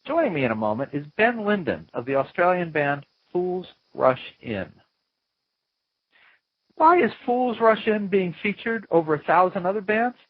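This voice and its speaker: Animated, husky-voiced male podcast host. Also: high-pitched, moderate pace, no room sound, muffled recording. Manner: playful, animated, mock-dramatic asides. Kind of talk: chatty interview-show host intro. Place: small home studio, Florida.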